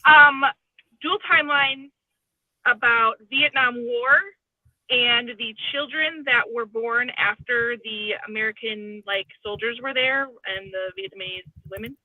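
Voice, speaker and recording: A woman's voice: fairly high pitch, unhurried, no echo. Casting note: a rambling, hesitant woman who sounds like she is on a phone line, with a dry sound. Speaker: guest on a live stream. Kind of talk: casual chat.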